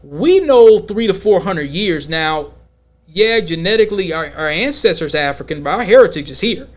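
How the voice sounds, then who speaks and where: A man hosting a podcast, talking in an emphatic, slangy, animated way during a casual debate. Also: high voice, moderate pace. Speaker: podcast host.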